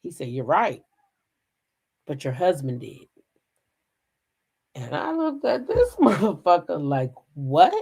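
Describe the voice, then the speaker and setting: Animated, low-voiced woman telling a story. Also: slow pace, vocal fry, long pauses, slightly rough. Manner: animated, profane, swings from hushed to loud outbursts. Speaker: storyteller recounting a police raid. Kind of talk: casual storytelling to viewers.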